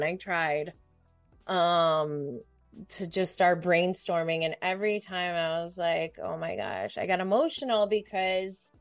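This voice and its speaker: A young adult woman hosting a solo podcast, talking casually into a microphone, excitable and emotional, rambling with fillers. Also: medium pitch, no room sound. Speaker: podcast host.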